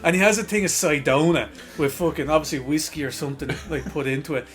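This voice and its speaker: A man's voice: on the high side, fast talker. A young Irish man co-hosting a podcast, telling crude stories with lots of swearing and laughter, acting out the voices of the people in them. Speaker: podcast co-host. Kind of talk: crude casual storytelling.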